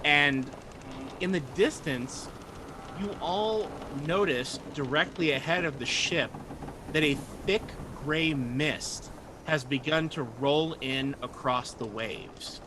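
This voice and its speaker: Man GM, slightly high bright voice, faint hiss behind. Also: slow. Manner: relaxed, full of fillers and restarts. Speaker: game master. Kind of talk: narrating a tabletop game.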